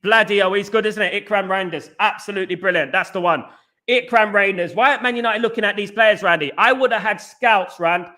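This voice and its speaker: A man's voice: high-pitched, brisk. A man, hosting a casual livestream, chatting with viewers, breaking into chants and repeating himself. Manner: excitable, sings and chants, repeats phrases. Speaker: livestream host. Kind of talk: casual live chat reading comments.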